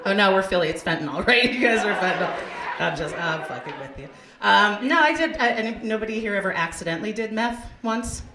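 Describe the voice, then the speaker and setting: A woman's voice: mid-range voice, animated, fairly quick, noisy background. A woman, hosting a stand-up comedy set and bantering crudely with the crowd. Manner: brash, crude, chatty with the crowd. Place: comedy club stage. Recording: roomy club sound.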